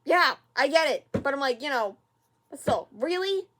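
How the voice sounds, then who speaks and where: A person hosting a reaction video, talking casually and rambling with many fillers and repeats, sighing in exasperation at the show. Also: female voice, sits high, expressive, moderate pace, fairly bright tone.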